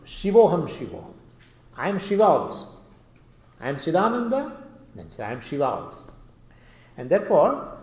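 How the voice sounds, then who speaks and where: A man teaching scripture and explaining it in an earnest, emphatic way, pausing on fillers. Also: on the high side, a little mellow. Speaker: Vedanta teacher. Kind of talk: scripture lecture. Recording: roomy hall reverb.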